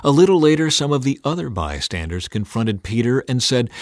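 A man reads scripture aloud with expressive, dramatic phrasing. His pitch rises and falls widely as he narrates. The sound is dry and close, with no room echo. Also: a little fast, hardly any pauses.

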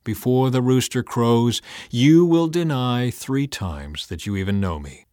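A man voicing a calm adult male teacher who speaks in a slow, measured, solemn way, in a scripture reading. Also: medium pitch, dry recording, studio quality, close to an everyday voice.

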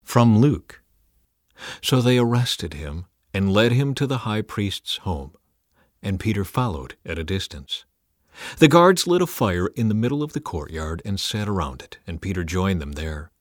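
A man narrating a scripted scripture reading with an expressive, dramatic delivery. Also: lowish voice, measured pace, no echo, clean studio sound.

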